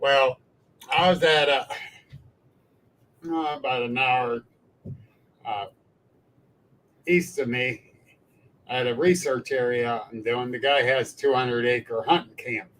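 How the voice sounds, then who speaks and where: A man hosting a podcast, telling a story in a blunt, salty and animated way. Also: mid-range voice, slow, long pauses, low-quality recording. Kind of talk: casual storytelling chat.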